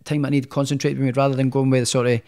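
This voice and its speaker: A man's voice: medium pitch, little pitch movement, very fast, darkish tone. A man, a boxer, telling his story as a podcast guest in a chatty, rambling way. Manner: chatty, rambling, many restarts. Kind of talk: casual storytelling in a podcast interview.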